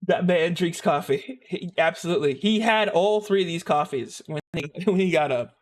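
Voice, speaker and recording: A man streaming live and chatting casually, animated, laughing often and swearing freely. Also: high-pitched, normal speed.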